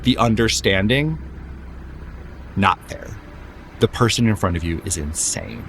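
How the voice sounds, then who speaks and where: Casting: male game master, low and unhurried, dramatic descriptive narration. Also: vocal fry, fairly bright tone, slight background noise.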